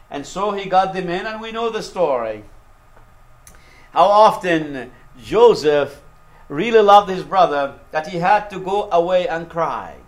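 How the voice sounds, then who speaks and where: A man with a fairly high voice delivers a sermon. He retells the story with animation, sometimes laughing and acting out the lines of its characters. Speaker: preacher.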